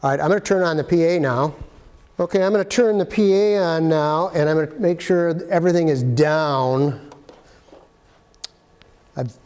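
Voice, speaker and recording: A man with a fairly high voice walks through setting up sound gear in a casual, practical way. He talks straight to the viewer with homespun asides. The room around him rings with a long reverb. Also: normal speed, pauses often, darkish tone, clear, resonant tone. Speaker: arts facility equipment guide. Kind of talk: casual instructional walkthrough.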